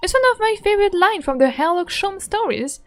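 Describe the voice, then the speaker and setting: A woman's voice: very high-pitched, animated, a little fast, voice pushed up. A woman reading as a polite, bookish young assistant. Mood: cheerful. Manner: reading game dialogue aloud plainly.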